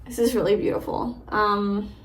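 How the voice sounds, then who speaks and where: A young woman with a medium-pitched, level voice does a casual tarot reading for a viewer at a normal speed. Full of "ums" and "likes," she comes across as chatty and warm-hearted. There's slight noise in the background.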